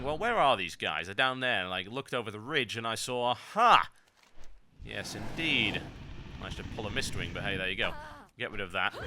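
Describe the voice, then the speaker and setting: A man narrates a video game guide in a sarcastic, ranting way, breaking into theatrical mock-grand lines. His voice is very bright and sharp. It is an average-pitched voice, recorded as a voice-over on game footage. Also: slight background noise. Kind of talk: gameplay guide commentary.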